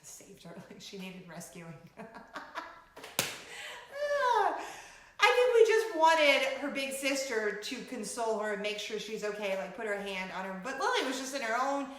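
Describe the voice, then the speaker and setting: A woman in her forties hosting a casual vlog, telling a story in an animated, dramatic way and laughing often. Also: fairly high pitch, moderate pace, a little hiss or hum. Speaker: vlogger host. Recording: very echoey room.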